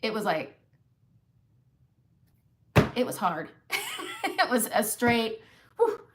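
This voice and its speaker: A woman's voice: on the high side, sing-song, slow, very noisy. A woman in her forties telling a long funny story on a makeup live stream, often laughing at herself. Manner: chatty, laughing, self-mocking storyteller. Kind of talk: casual storytelling chat.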